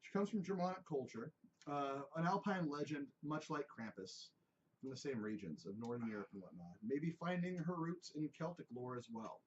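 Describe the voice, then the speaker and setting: A man's voice: mid-range voice, big pitch swings, moderate pace, a little hiss or hum. A man hosting a podcast in casual chat, joking, swearing, and drifting off topic. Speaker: podcast host. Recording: dull lo-fi podcast audio.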